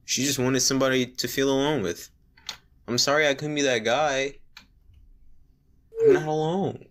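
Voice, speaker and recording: A man's voice: medium pitch, normal speed. Joking young man doing game commentary. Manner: joking, slangy, reads on-screen texts aloud and breaks into mock singing. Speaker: gaming video creator. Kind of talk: casual gameplay commentary.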